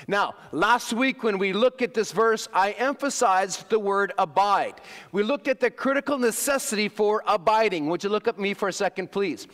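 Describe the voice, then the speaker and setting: A man's voice: sits high, normal speed, fairly bright tone, in a large hall. A man preaching a sermon as pastor, emphatic, asking the congregation for an "amen" now and then. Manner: emphatic preaching with call-and-response asides.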